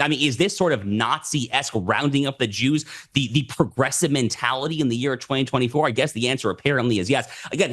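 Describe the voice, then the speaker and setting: A man's voice: mid-range voice, fairly bright tone. A man appearing as a political commentator on a TV news panel, indignant and full of restarts. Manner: fast, indignant, many restarts. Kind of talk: TV news discussion.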